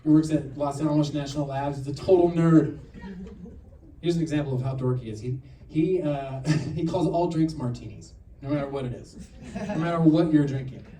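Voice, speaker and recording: A man doing a stand-up set, telling stories in an animated way and acting out other people's voices. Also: a little high, a little fast, far from the mic. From New Mexico. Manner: animated storytelling with acted-out voices. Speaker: stand-up comedian. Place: theater stage with audience laughter. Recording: roomy theater sound from afar, audience noise.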